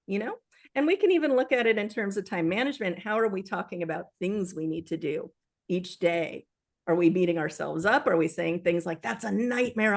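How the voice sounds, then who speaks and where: A woman author speaking as an interview guest, earnest and lively. Her voice sits at a middle pitch, and she slips into quoted voices to act out self-talk. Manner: earnest, animated with acted-out quotes. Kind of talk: conversational interview.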